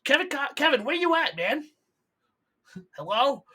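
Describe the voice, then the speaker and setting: A frantic, flustered crewmate yelps and whines in a raised, bright voice, as a man puts him on for a tabletop game. He sounds loud and strained throughout. The delivery is quick and panicky. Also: high voice, gravelly, husky, voice pushed up, heavily acted. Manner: frantic, whiny exclamations.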